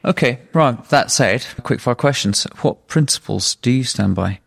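A man hosting a podcast interview and putting brief, quick-fire questions to his guest. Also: medium pitch, expressive, gravelly, husky, no echo. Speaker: podcast host.

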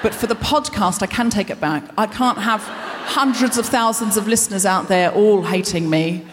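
Woman comedy host doing live stand-up, self-deprecating and anxious, mid-pitch voice, long hall reverb. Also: normal speed, noisy background. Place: large concert hall stage.

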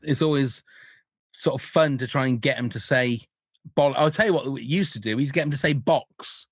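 A man's voice: medium pitch, brisk, slightly rough, no room sound, clean studio sound. A man co-hosting a podcast in casual, jokey banter, laughing often and mimicking swear words. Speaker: podcast co-host.

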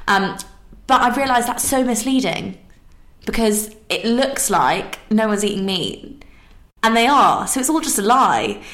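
Fast-talking chatty woman host. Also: mid-range voice, echoey room. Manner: chatty, animated storyteller. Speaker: podcast host. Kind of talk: casual chat.

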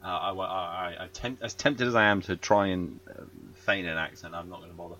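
A man hosts a podcast in a low, easy voice. He rambles, fills gaps with ums and slips in offhand jokes. A faint noise sits under the recording. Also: steady tone, a little fast, sharp tone, poor audio. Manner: rambling, full of ums and jokey asides. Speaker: podcast host. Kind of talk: casual chat.

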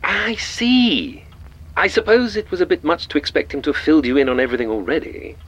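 A man's voice: a little high, fairly quick, fairly bright tone. An actor playing a genial, cheerfully polite but menacing old man in an audio drama.

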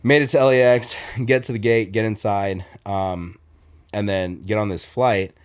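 A man's voice: fairly low pitch, normal speed, clear, resonant tone. A man telling a story in casual podcast chat, loose and profane, full of "like" fillers and restarts. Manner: rambling, animated retelling with restarts. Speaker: podcast co-host.

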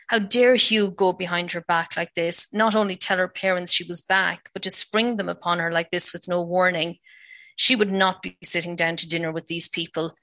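Woman reading her novel aloud, steady and measured, bit of vocal fry. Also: fairly low pitch, dry recording. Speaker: author.

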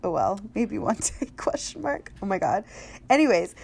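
A young adult woman hosting a podcast, telling stories in a chatty, animated way and laughing often. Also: medium pitch, moderate pace, vocal fry, slight background noise. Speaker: podcast host. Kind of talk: casual podcast chat.

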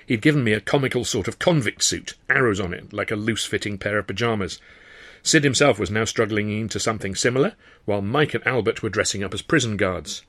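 A man reading his own novel aloud as author-narrator, with brisk, wry storytelling. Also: lowish voice, fairly bright tone. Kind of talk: audiobook narration.

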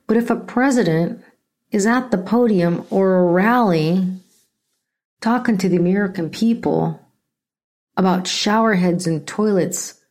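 A woman's voice: medium pitch, measured pace, a little mellow. This is a middle-aged woman from California talking on her own podcast. She is blunt and sarcastic, swears freely, and rants in a loose, casual way about politics. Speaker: podcast host.

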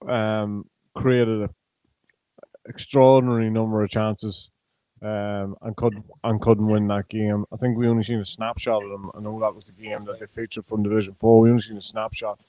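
Irish male pundit, low mellow flat delivery, hesitant, dry close sound. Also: no room sound, poor audio. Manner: measured, hesitant with frequent ums. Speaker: pundit, former player and college coach. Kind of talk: casual sports chat.

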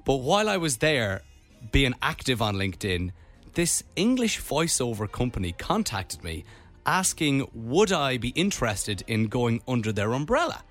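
A man's voice: medium pitch, sing-song, normal speed, fairly bright tone, faint music behind. A young Irish man hosting a radio show, joking and laughing at himself in playful banter. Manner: jokey, laughing, self-mocking. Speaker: radio host.

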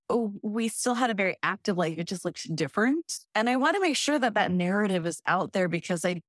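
A woman's voice: fairly low pitch, no room sound, clean studio sound. A woman hosting an interview podcast, speaking emphatically and encouragingly with conviction. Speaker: podcast host. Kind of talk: casual interview chat.

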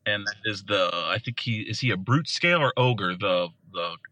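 A man talking excitedly and joking around as a guest on a podcast. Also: lowish voice, moderate pace, no room sound. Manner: excitable, jokey. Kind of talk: casual chat.

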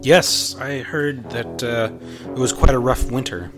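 A man's voice: medium pitch, fairly even intonation, close to an everyday voice. A man voicing a middle-aged, Spanish-looking male party host who speaks formally with an Arabic accent, over guitar music. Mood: courtly. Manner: formal, gracious, slow and measured.

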